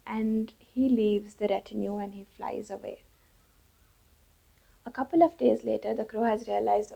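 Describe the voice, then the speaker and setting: Woman storyteller, lively fable telling, husky, gravelly, warm tone. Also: a little high, measured pace, poor audio. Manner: lively, changes voice for each character. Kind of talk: storytelling for children.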